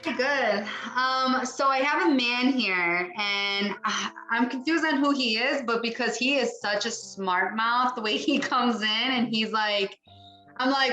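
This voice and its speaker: Woman psychic medium, chatty and rambling, crisp bright tone, echoey room. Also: fairly high pitch, a little slow, soft background music. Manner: chatty, rambling, acts out spirit voices. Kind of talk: mediumship reading.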